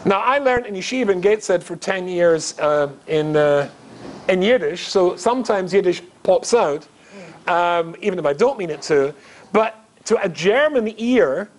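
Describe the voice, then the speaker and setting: A man's voice: sits high, lively intonation, normal speed. A middle-aged man from Scotland, a rabbi giving a humorous storytelling talk, chatty and self-mocking, asking the audience questions. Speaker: rabbi, guest speaker.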